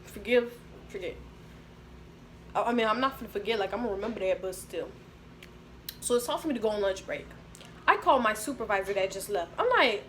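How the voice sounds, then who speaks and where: Animated young woman telling a story. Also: mid-range voice, a little fast, long pauses, a little hiss or hum. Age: young adult. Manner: animated, slangy, talks to viewers. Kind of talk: casual storytime.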